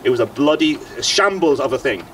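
A man's voice: mid-range voice, lively intonation, a little fast, a bit bright, recorded from a distance, slight background noise. A middle-aged Irish man, a historian, delivering a passionate commemorative address outdoors with emphatic lecturing and frequent fillers.

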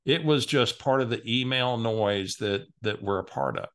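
A man's voice: medium pitch, normal speed, a bit bright. A middle-aged man presenting a training video as a real estate sales coach, explaining a method step by step and acting out sample phone calls.

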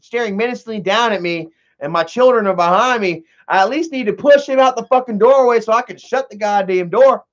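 A man's voice: high voice, fairly quick, muffled recording, voice pushed up, lightly acted. A man putting on a panicked cursing neighbor. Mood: frantic. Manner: frantic, cursing. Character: shaken middle-aged male neighbor, panicked.

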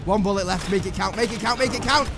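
An English man giving excitable, swearing let's play commentary to himself while he plays, with game music behind him. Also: high-pitched, fast talker. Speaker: gameplay commentator.

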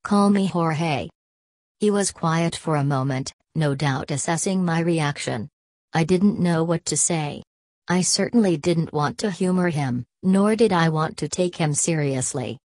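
A woman with a low voice reads a first-person story aloud in a steady, even way. The recording is dry and close, with no room sound. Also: unhurried, dry recording. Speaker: audiobook narrator. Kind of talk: scripted first-person narration.

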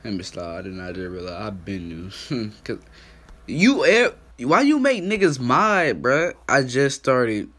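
A young man doing profane, mocking trash-talk commentary on a stream, laughing and calling people out in a put-on higher voice. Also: sing-song, unhurried. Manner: mocking, laughing, loud call-outs; put-on higher voice instead of his deep one. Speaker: YouTube commentator.

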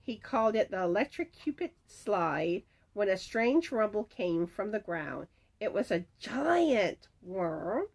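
A middle-aged woman, chatting at home as she reads viewer comments and announces giveaway winners, often laughing. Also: mid-range voice. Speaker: crochet channel host announcing giveaway winners. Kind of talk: casual chat, reading viewer comments aloud. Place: at home, screen door rattling in the wind.

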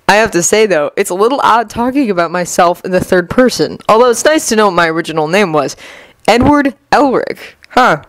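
A calm young man with no memory of his past talks in an easy, wry and unhurried way, read by a woman in her own voice. The recording is close and dry. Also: mid-range voice, no echo, lightly acted, low-quality recording.

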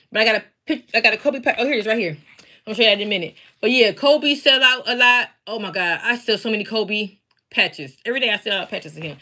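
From her home basement, a craft seller and teacher chats on a live stream, speaking directly to viewers while displaying her embroidered patches. Her voice is fairly high, bright, and forceful.

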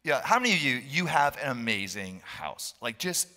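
A man preaching a sermon as a pastor, passionate and often yelling, joking with his congregation. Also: medium pitch, sing-song, moderate pace. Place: church hall. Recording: long reverb of a church hall.

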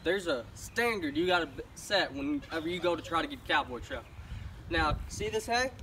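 A man's voice: fairly high pitch, lively intonation, normal speed, sharp tone. A man voicing a boastful macho cowboy rancher, folksy and mocking, outdoors by a truck. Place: outdoors beside a pickup truck. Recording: distant mic with outdoor vehicle noise.

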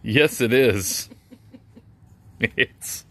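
A man's voice: medium pitch, very slow, fairly bright tone, husky. A man co-hosting an unboxing video, joking and teasing his partner as they guess what the items are. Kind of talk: casual unboxing chat. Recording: noisy home recording.

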